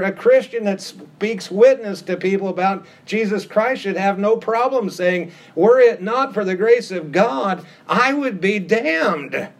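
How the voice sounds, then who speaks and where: A middle-aged male preacher delivers a sermon at a slow, deliberate pace. His voice sits a little higher than most men's and climbs on repeated phrases, pressing each point home with steady emphasis. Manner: emphatic, repetitive preaching cadence with rising emphasis.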